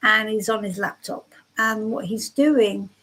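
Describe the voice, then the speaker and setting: Woman, tarot reader, husky voice, reassuring, unhurried. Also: medium pitch, pushed and bright, poor audio. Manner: soothing, reassuring guidance. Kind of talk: live-stream tarot reading. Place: home.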